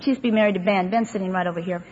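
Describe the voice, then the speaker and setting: Speaking very fast in a steady, medium-pitched, slightly mellow voice, a woman gives personal testimony to a live audience at a recovery meeting. She rambles conversationally, using many fillers and wry humor, captured on a dull, echoey hall recording with faint hiss.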